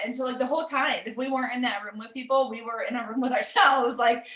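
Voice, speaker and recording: Woman, bubbly, laughing storyteller, a bit high-pitched, echoey room. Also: steady tone, fast, a bit bright. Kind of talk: casual chat on a group call.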